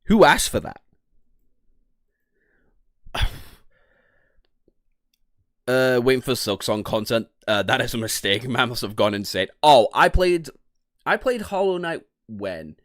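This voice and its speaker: A man from the North of England with a Northern English accent, casually chatting on a livestream. He swears freely, laughs often and jumps into high-pitched outbursts. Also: lively intonation, slow, long pauses, dry recording, studio quality. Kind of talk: casual livestream chat, reading and reacting to chat.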